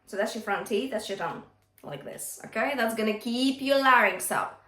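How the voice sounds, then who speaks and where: Woman vocal coach, slightly high voice, encouraging, echoey room. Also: expressive, normal speed, bright, forceful tone. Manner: encouraging, checks in with "yeah?" and "okay?". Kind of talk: singing lesson with demonstrations.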